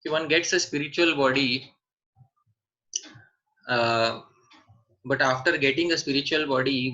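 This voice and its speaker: A man's voice: mid-range voice, sharp tone, muffled recording. A man teaching a scripture seminar online, answering questions and repeating key points with emphasis.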